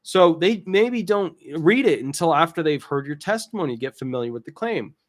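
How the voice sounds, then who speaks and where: A man's voice: a little high, animated, normal speed. A man who works as a disability attorney, explaining rules in a casual, rambling way with jokey asides and restarts.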